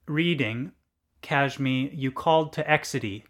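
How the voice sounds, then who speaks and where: Slow, deadpan male storyteller. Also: medium pitch. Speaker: narrator. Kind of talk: scripted story narration.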